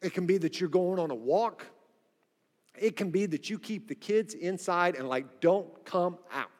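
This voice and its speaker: A man preaching a sermon as pastor, energetic and joking with his congregation in a church. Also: high voice, unhurried, big-room sound. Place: church sanctuary.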